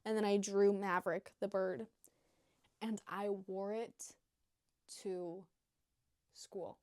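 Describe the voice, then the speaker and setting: A young woman vlogger in a rambling casual chat, swearing freely and breaking into squeaky acted quotes. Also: steady tone, takes it slowly, a little mellow, clear, resonant tone, no echo, studio quality.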